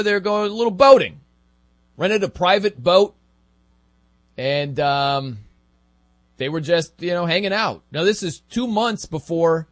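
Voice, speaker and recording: Animated man hosting sports talk. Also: sits high, no echo. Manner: animated, chatty, laughing asides.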